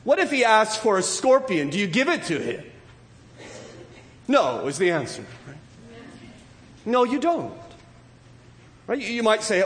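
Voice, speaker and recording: High-voiced man preaching in a reverberant hall. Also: animated, normal speed, a bit bright. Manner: preaches with frequent rhetorical questions. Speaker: pastor. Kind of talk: sermon.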